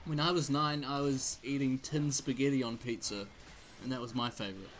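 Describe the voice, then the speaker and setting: A man casting a live esports match play-by-play, his excitement climbing in big fights, with jokey asides between plays. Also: mid-range voice, fairly quick. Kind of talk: live game commentary.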